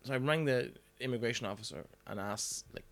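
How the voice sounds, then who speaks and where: A man's voice: medium pitch, brisk, fairly bright tone. A man with an Irish accent hosting a casual interview, sharing laid-back anecdotes. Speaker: podcast host.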